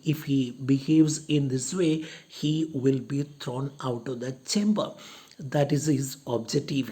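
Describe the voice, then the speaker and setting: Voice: medium pitch, a little mellow. A lecturer explaining a play to students, going over each point again and again with strings of synonyms. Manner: slow, repeats points with lists of synonyms.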